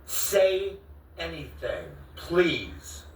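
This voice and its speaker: A man's voice: a little high, sing-song, extremely slow, distant mic. A man with a cracking voice, confronting someone and repeating the same questions again and again in a pleading, exasperated way. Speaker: vlogger confronting a friend. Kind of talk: heated confrontation on camera. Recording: echoey room, voice a bit off-mic.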